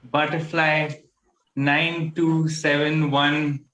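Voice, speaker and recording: A man playing a silly robot-like alien probe on Earth in a live improv scene, beeping and booping between halting sentences. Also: on the high side, level tone, bright, forceful tone, roomy sound, muffled recording, exaggerated voice.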